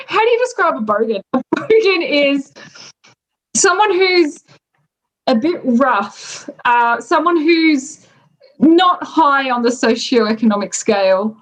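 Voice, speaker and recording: An Australian woman explaining local slang in a relaxed, chatty way, pausing with ums as she goes. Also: high-pitched. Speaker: native speaker explaining slang. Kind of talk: casual explanation.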